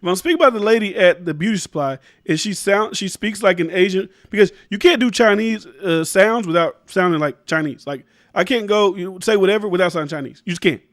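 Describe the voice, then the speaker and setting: A man's voice: high voice, fairly quick, hardly any pauses, no room sound, studio quality. A man hosting his own commentary show, talking emphatically and rambling, swearing freely and often restarting his sentences. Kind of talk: casual opinion commentary.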